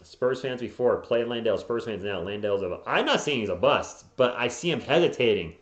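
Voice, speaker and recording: A man giving live play-by-play as a fan streamer, openly partisan and bursting into frustrated yelling at the players. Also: medium pitch, animated, brisk. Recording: echoey, dull lo-fi home mic.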